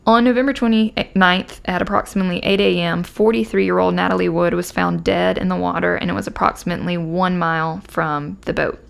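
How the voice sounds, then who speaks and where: A woman with a low, gravelly voice, telling a true crime story in a loose, chatty way. She reads from her notes, then slips into dry, sarcastic asides. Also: fairly even intonation, fairly quick, few pauses. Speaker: true crime podcast co-host. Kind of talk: casual conversational storytelling.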